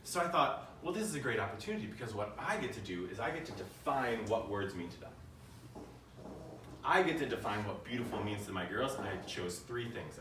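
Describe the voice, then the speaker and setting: American man, 30s, animated keynote storyteller with jokes, heard from a distance in a roomy hall with faint noise. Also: fairly low pitch. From United States. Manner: storytelling with jokes and playful asides. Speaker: keynote speaker. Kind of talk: humorous live keynote talk. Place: conference room.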